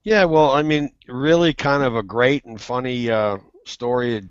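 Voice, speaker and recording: A man telling a funny business story on a web hangout, animated and acting out the quoted voices. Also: mid-range voice, a little slow, smooth, no room sound. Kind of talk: casual storytelling. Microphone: video call. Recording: muffled web call audio.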